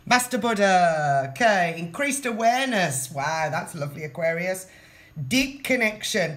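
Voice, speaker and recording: A woman's voice: fairly low pitch, lively intonation, a little slow, a bit bright. A woman giving a casual tarot reading, talking straight to the viewer and repeating her phrases. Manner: chatty, repeats phrases, addresses the viewer directly. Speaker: tarot reader.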